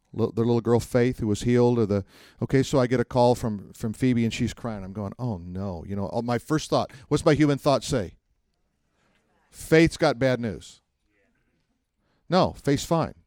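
A man's voice: mid-range voice, no echo, clean studio sound. A man teaching a church class in a conversational sermon style, telling stories, acting out quotes and asking the room questions. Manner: animated storytelling, acts out quotes, asks the room questions.

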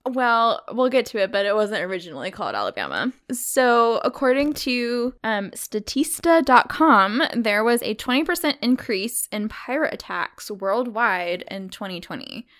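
A woman's voice: on the high side, big pitch swings, normal speed, hardly any pauses, a bit bright. A woman, telling a story as a podcast co-host in casual chat, with lots of fillers and laughs. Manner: chatty, laughs often, many fillers.

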